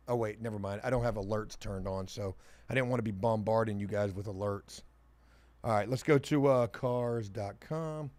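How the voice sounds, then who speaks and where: A man hosting a casual livestream, reading viewer comments and joking around, swinging between loud hype and muttered asides. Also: mid-range voice, no echo. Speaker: livestream host.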